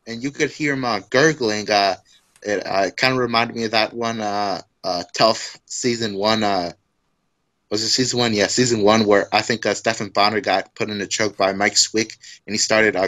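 A man co-hosting a casual fight recap podcast, talking loosely with many halting fillers. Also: lowish voice, steady tone, bright, forceful tone, low-quality recording. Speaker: podcast co-host.

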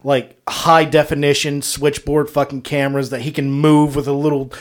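A man's voice: a little high, flat delivery, moderate pace. A man co-hosting a casual podcast, telling profane stories and laughing often. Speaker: podcast co-host. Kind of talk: casual storytelling chat.

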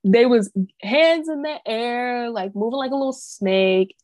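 A woman's voice: on the high side, measured pace, a little mellow, no echo. A young woman co-hosting a podcast, telling a story in casual chat with lots of "like". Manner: chatty storyteller, heavy use of "like", acts out quotes. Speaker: podcast co-host.

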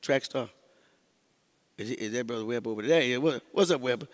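A man's voice: medium pitch, moderate pace. A male pastor teaching a sermon in a church, talking conversationally to the congregation and often repeating and restarting words. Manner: speaks directly to the congregation.

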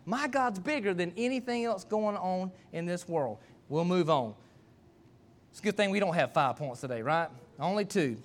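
Middle-aged male pastor, high voice, folksy self-deprecating sermon storyteller. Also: animated, moderate pace.

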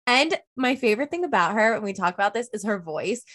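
A young woman in her twenties co-hosting a podcast, chatting in an animated way with lots of fillers. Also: mid-range voice, quick pace. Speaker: podcast co-host. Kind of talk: casual chat.

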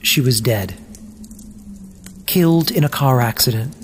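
A storyteller reading a children's story aloud in a slow, measured, gentle way with long pauses. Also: medium pitch, animated, slight background noise. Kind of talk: scripted narration of a children's story.

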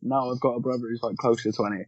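Husky man swearing in casual chat. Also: mid-range voice, steady tone, fast, dry recording. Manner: laughing, swearing freely. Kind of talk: casual chat about a film. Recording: dull lo-fi sound.

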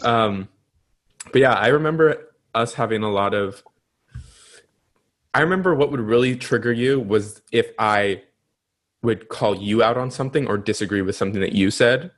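A man's voice: on the low side, moderate pace, pauses often. A young man co-hosting a podcast in casual chat, easygoing and supportive, often agreeing with his friend. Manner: easygoing, supportive listener, frequent backchannels. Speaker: podcast co-host.

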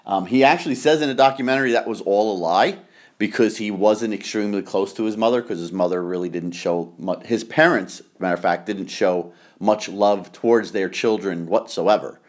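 Middle-aged American host, low-pitched, rambling storyteller who gets excited and laughs easily in casual chat. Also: male voice, moderate pace. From United States. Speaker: podcast host.

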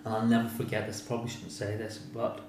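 A man's voice: fairly low pitch, monotone, fast. A man with a Northern Irish accent, a former boxer speaking frankly and a bit rambling in a casual interview, repeating himself and swearing now and then. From Northern Ireland. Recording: echoey room with noise.

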